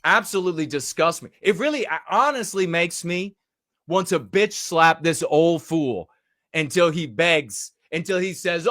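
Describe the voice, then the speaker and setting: A man's voice: fairly high pitch, expressive, unhurried, a bit bright, no room sound. Man ranting angrily, dry sound. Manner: angry, mocking, with many fillers and restarts. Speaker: commentator. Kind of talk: ranting commentary on a news clip.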